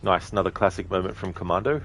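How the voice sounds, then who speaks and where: A man's voice: low voice, quick pace, fairly bright tone, a little hiss or hum. A male streamer chatting casually with viewers while playing, reading out their redeems. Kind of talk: casual live-stream chat while gaming.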